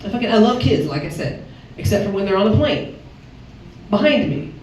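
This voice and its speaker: A woman's voice: expressive, a little fast, a little mellow. Brash woman in her fifties doing stand-up. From Chicago, Illinois. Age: 50s. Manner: brash, acts out voices with big pitch jumps. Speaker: stand-up comedian. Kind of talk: stand-up comedy set. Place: comedy club stage. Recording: echoey club from far off, faint noise. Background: audience laughter.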